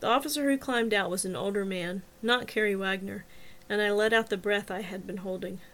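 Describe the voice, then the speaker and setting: Female author narrating her novel, first person, steady, mid-pitched voice. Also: brisk.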